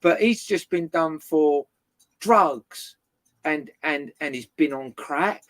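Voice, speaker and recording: A guest telling a neighbour feud story in casual chat, swearing constantly and retelling scenes in an animated way. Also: medium pitch, takes it slowly.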